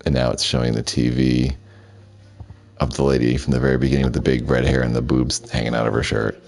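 A man with a very low, deep voice narrates a video game on a live stream. He reads the on-screen lines in a flat, plain way and breaks in with casual remarks of his own. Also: brisk, creaky. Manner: reads the subtitles aloud flatly, with asides. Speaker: streamer reading game dialogue aloud.

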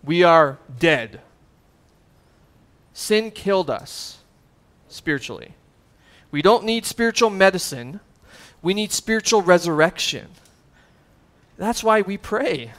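Man preaching a sermon, fairly high-pitched, emphatic peaks, chatty asides. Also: very animated, takes it slowly, long pauses, a bit bright. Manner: conversational asides with fillers and chuckles. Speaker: pastor.

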